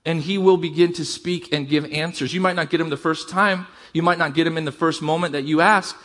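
Middle-aged male pastor, high voice, conversational sermon, builds emphasis. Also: fairly even intonation, a bit bright. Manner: conversational preaching, rising emphasis, quick asides.

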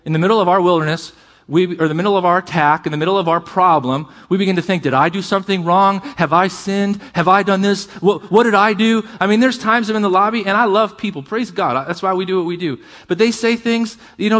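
A man preaching a sermon as a pastor, with impassioned delivery, conversational asides and scripture read aloud with drawn-out emphasis. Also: sits high, a bit bright.

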